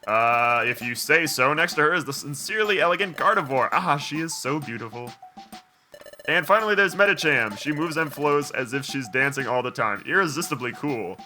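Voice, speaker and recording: Lively, bright-voiced man playing a game. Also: on the high side, normal speed, faint music behind. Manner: chatty, animated, joking asides. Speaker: let's play host. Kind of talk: casual game commentary, reading dialogue aloud.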